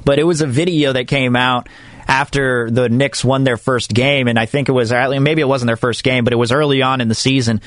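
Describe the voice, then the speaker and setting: A man's voice: medium pitch, fairly even intonation, brisk, a bit bright, no room sound. A man hosting a sports radio show, talking through listener comments in a chatty, rambling way with frequent restarts. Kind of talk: sports talk show monologue.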